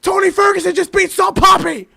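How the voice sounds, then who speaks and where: A young man streaming a live fight reaction, shouting and swearing in disbelief. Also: extremely high pitch, fairly even intonation, a little fast, creaky, no echo.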